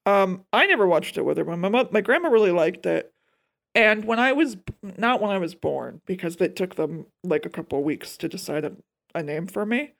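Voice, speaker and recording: A woman's voice: lowish voice, lively intonation, brisk, vocal fry. A young woman co-hosting a podcast in casual chat, talkative and swearing, with lots of "like" fillers. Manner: chatty, swearing, many "like" fillers. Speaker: podcast co-host.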